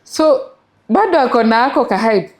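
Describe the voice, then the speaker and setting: A woman's voice: on the high side, expressive, moderate pace. A middle-aged woman with a Kenyan accent, telling her story as an interview guest and mixing English with Swahili.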